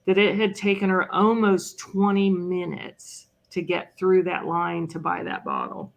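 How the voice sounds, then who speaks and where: Chatty older woman with a creaky voice. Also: on the low side, expressive, highs cut off. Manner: chatty and self-mocking, with frequent "you know" and quick laughs. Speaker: podcast guest in recovery. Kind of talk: conversational storytelling.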